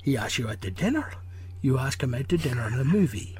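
A man doing a comic impression of a famous Scottish actor as a gruff older cop, with slushy s sounds. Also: fairly high pitch, big pitch swings, moderate pace, darkish tone, slight background noise. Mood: hammy. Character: gruff older Irish cop with a Scottish film-star lilt, hamming it up.

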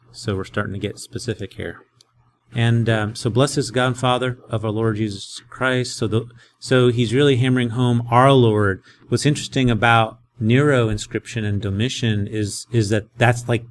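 A lowish-voiced male professor leads a Greek lesson in a chatty, animated way. Soft background noise sits under his voice. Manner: conversational, animated explaining.

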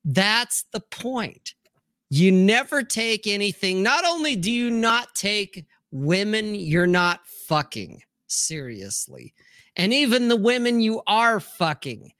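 A man's voice: high-pitched, very animated, slow, bright, forceful tone, no room sound, clean studio sound. A middle-aged man hosting a livestream, ranting crudely in casual chat and acting out quotes in different voices. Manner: profane, ranting, acts out quotes. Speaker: livestream host.

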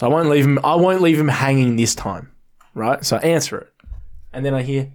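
A man co-hosting a podcast, animated and swearing as he acts out a story in casual chat. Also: mid-range voice, fairly quick. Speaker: podcast co-host.

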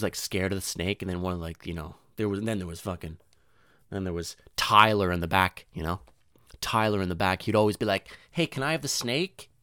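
A young man with a fairly bright tone tells a long, meandering comic story, recorded in studio quality without echo. He curses often, keeps saying "dude" and "you know," restarts sentences, and slips into sudden high voices for people he's quoting.

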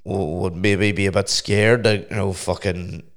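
A man's voice: low voice, level tone, measured pace. A young man, talking in a laid-back casual chat and swearing freely.

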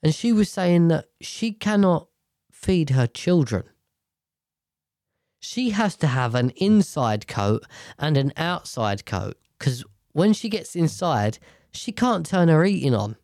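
A man's voice: a little high, sing-song, slow, darkish tone, no room sound, clean studio sound. A man giving a blunt, profane, rambling rant about politics.

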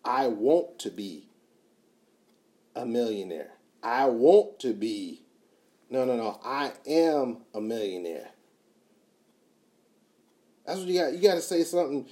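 A man giving a motivational talk, emphatic and repetitive, swinging from quiet to loud. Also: medium pitch, sing-song, unhurried, pauses often. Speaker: motivational speaker.

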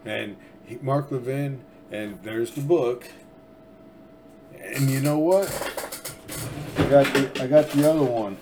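A man's voice: mid-range voice, slow pace, pauses often, background noise. A man hosting a casual political commentary show, rambling and sarcastic, often restarting his sentences. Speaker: podcast host.

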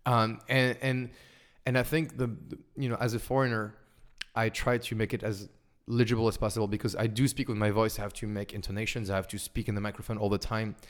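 A man in his twenties with a French accent, a guest chatting casually in an interview, animated and full of fillers and restarts. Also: fairly low pitch, fairly quick. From France. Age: 20s. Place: indoors over wine.

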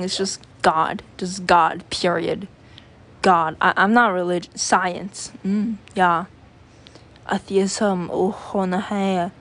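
A woman talking to her channel in a loose, wandering monologue, circling back with fillers and false starts. She speaks slowly and unhurriedly at a middling pitch for a woman. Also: a little hiss or hum. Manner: rambling, many filler words and restarts. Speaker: channel host. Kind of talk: casual rambling monologue.

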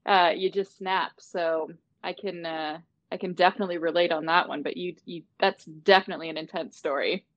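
A woman joins a group video call and chats in a relatable, conversational way. Her voice sits a bit low, and the call audio sounds dull and lo-fi. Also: fairly even intonation, normal speed. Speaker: participant on the call. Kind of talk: casual chat on a group call.

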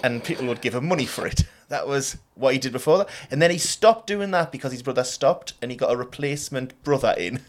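A man's voice: medium pitch, expressive, fast, hardly any pauses, a little hiss or hum. A man co-hosting a comedy podcast, telling stories in a chatty way and laughing into them. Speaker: podcast co-host. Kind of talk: casual comedic storytelling.

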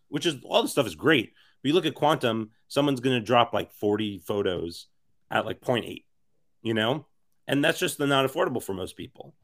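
A man with a worn, raspy voice that sounds hoarse. He talks as a podcast guest in a loose, rambling way, circling back and restarting his sentences. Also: mid-range voice. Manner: rambling, filler-heavy, many restarts. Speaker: interview guest, NFT project co-founder. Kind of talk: casual podcast interview.

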